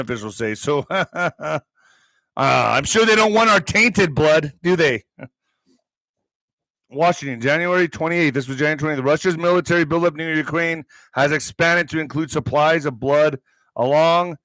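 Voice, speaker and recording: Between headlines he reads aloud, a man hosting an online commentary program drops sarcastic, foul-mouthed asides. His voice is fairly high and a bit bright, and the dry recording has poor audio.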